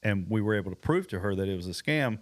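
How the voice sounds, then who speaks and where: Man, bail bonds host, earnest warnings, lower voice. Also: lively intonation, fast. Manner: earnest, warning tone, repeats points. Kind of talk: casual advice chat.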